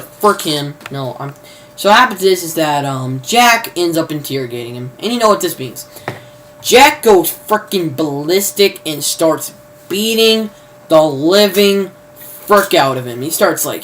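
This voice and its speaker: A man's voice: on the high side, animated, a little slow, a bit bright. Casual guy rambling thru a show recap, lots of ums and frickin, gets worked up, faint hiss behind. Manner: rambling, heavy fillers, mild cursing. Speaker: video reviewer.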